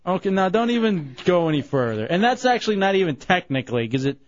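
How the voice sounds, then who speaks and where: Teasing radio host with lively pitch. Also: male voice, fast talker, highs cut off. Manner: teasing, laughs often, cuts others off. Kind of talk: casual radio banter.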